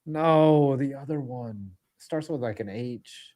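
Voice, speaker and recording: A man's voice: medium pitch, takes it slowly, dark tone. A man co-hosting a casual sports podcast, rambling and swearing as he gropes for names. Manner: rambling, profane, searching for names. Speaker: podcast co-host.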